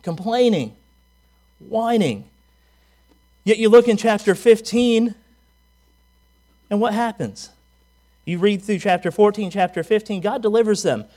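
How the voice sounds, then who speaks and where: A man preaching a sermon as pastor, reading scripture aloud and acting out the whining voices he quotes. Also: high voice. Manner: reads scripture aloud, then preaches with animated acted-out quotes.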